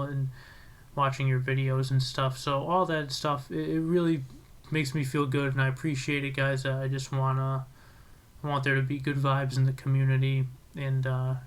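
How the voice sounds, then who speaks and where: A young man casually commentating his own card game match, excitable and self-critical, with frequent restarts. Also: medium pitch, smooth.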